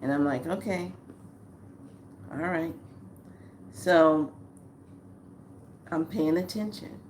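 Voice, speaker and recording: Woman vlogger, relaxed slow storyteller, lively quoted asides. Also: a little hiss or hum. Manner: animated, acts out quotes with rising pitch. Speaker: spiritual vlogger. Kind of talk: casual storytelling.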